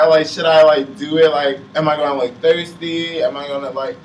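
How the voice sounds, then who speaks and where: Young man, emotional casual chat, halting, filler-heavy, roomy distant mic. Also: fairly high pitch, steady tone. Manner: heavy use of "like", halting, on the verge of tears. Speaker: panelist. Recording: roomy sound from a distant mic with faint noise.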